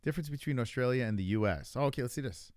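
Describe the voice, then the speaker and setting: A man's voice: mid-range voice, very fast, a little mellow, dry recording, clean studio sound. A man hosting a live stream, chatting casually and crudely with his viewers while reacting to videos. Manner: loose, rambling, crude, talks to chat. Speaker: streamer host.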